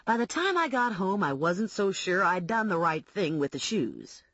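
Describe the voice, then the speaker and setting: A woman narrating an audiobook in the first person, wry and brisk, with slightly husky speech on a slightly dull recording. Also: medium pitch, sing-song, fairly bright tone, no echo.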